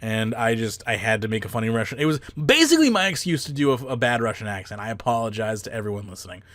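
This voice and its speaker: A young adult man hosting a casual podcast, quick and self-mocking, ranting with bursts of laughter. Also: medium pitch, very animated, a bit bright, dry recording, clean studio sound. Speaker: podcast host.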